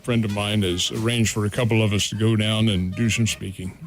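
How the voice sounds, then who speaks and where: Gravelly-voiced man on sports radio. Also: fairly low pitch, steady tone, fairly quick, soft background music. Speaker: radio show host. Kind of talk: casual sports radio chat. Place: radio studio.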